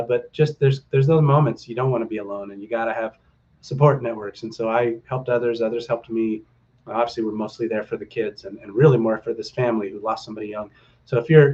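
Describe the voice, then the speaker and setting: A man's voice: medium pitch, a little mellow. Middle-aged male stream host, loose and upbeat, fills gaps with ums, rallies his viewers; slightly dull home-mic sound. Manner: rambling, upbeat and rallying, with many fillers. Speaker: stock market livestream host. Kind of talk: casual livestream chat to viewers.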